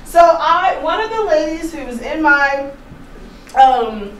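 A woman giving an informal seminar presentation to a room, chatty and animated, telling stories with laughs. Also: high voice, slow pace. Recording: roomy echo, distant mic, faint noise.

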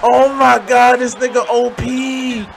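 A man commenting on his own wrestling game as he plays, loud and profane, trash-talking and often shouting. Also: very high-pitched, level tone, slow pace, creaky. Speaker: gaming channel host. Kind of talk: live reactive gameplay commentary. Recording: crowd and game noise behind.

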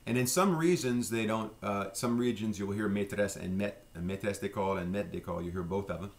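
In an easygoing vocabulary lesson, a Louisiana man who teaches French speaks with a low, gravelly voice. He takes his time, fills gaps with lots of fillers, and says words slowly more than once.

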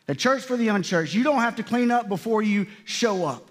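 A man's voice: sits high, expressive, fairly quick. A man pastor giving a conversational sermon, often restarting his sentences and acting out what God and people say. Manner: conversational preaching with many restarts and voiced quotes.

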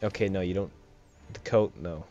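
A young man talks casually over his gameplay, rambling and joking with frequent laughs. His voice sits a little low, and the home mic sounds a bit dull with faint game music underneath. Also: normal speed, a little mellow. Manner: rambling, jokey, laughs often. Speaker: let's play host.

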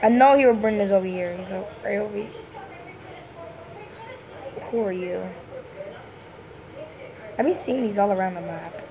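A woman giving casual, excitable gameplay commentary, full of playful hums and sing-song noises. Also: medium pitch, moderate pace, long pauses, crowd noise. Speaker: gameplay streamer.

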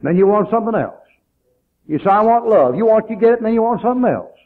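A man preaching a sermon, emphatic, telling a story and dropping to low asides. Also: animated, fast. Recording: tinny phone-like old recording.

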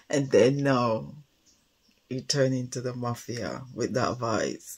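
A woman's voice: very deep voice, husky. A woman hosting a reaction video, chatting casually and laughing often about a comedy clip. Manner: laughs often, slow and relaxed. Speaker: reaction channel host.

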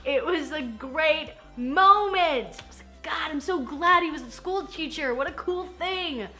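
A woman's voice: high-pitched, expressive, measured pace, sharp tone, soft background music. A young woman casually recapping a film she just watched, chatty and self-deprecating, often giggling and acting out lines. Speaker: film reaction host. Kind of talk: casual movie recap chat.

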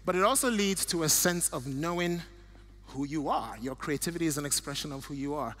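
Speaking a little high and fairly quickly, this guest speaker is a middle-aged man from Nigeria presenting an earnest church talk with slides. His storytelling is warm and sincere, with frequent restarts.

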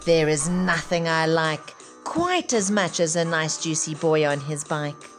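A woman doing a loud greedy storybook troll. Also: low voice, animated, measured pace. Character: hungry greedy male troll, gobbling. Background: music.

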